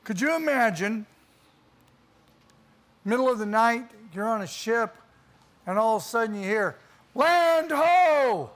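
A preacher delivering a sermon in church, telling a story with dramatic pauses and reading scripture aloud. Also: medium pitch, fairly bright tone.

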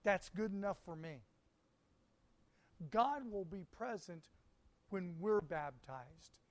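A man preaching a sermon, reading scripture aloud and speaking with deliberate, emphatic pauses. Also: high-pitched, expressive.

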